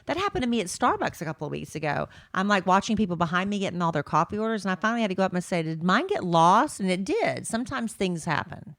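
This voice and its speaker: A woman co-hosting a podcast in casual chat, reacting quickly with comments and laughs. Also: mid-range voice, very animated. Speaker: podcast co-host.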